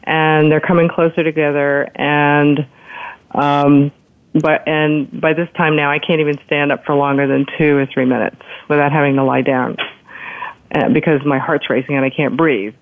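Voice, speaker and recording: A woman's voice: low-pitched, moderate pace. Woman telling a story over a tinny phone line. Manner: lively retelling, acts out quoted doctors. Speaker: guest telling a personal story. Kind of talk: casual storytelling.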